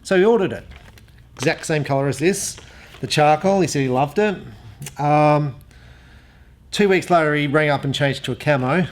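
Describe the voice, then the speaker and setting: A man's voice: on the high side, moderate pace, pauses often. A man who runs an archery shop, casually demonstrating an arrow rest and rambling through customer stories. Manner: chatty, rambling storyteller. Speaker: archery shop owner reviewing gear. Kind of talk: casual product demo.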